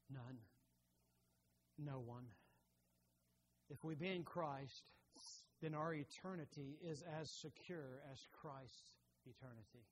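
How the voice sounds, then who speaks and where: A man preaching a sermon as pastor, who rises loud and high on emphatic lines and drops soft and low on tender ones, reading scripture aloud with growing force. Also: a little hiss or hum.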